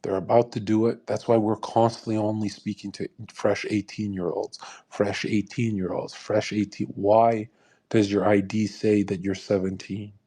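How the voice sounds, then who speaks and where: A man's voice: fairly low pitch, little pitch movement, moderate pace, mellow, husky. A young man in his twenties hosting a live audio room, talking in a crude, combative and boastful way. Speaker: livestream host.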